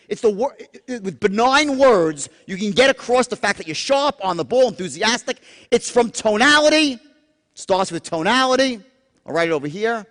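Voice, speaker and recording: Animated man teaching in an echoing hall. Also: very high-pitched, normal speed. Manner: animated, profane, acts out tones with sudden whispers. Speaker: sales trainer. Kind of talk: live seminar talk. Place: large seminar room. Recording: long hall reverb.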